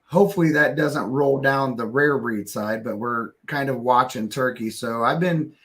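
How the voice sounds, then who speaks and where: A man's voice: medium pitch, normal speed, fairly bright tone. An easygoing man speaking as a panelist in a casual group chat, thinking aloud with fillers.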